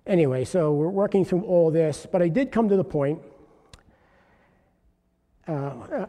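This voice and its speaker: A man's voice: fairly high pitch, mellow, in a large hall. A man preaching a sermon, telling a story about sharing his faith and then urging listeners on with rising fervor. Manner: earnest storytelling, rising to exhortation. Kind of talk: sermon testimony.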